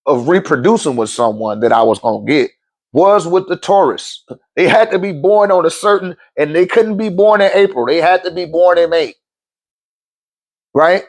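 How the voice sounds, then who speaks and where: Laid-back man telling stories, slightly high. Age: middle-aged. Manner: laid-back slang, frequent chuckles, acts out quoted voices. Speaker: spiritual talk show host. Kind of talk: casual storytelling monologue.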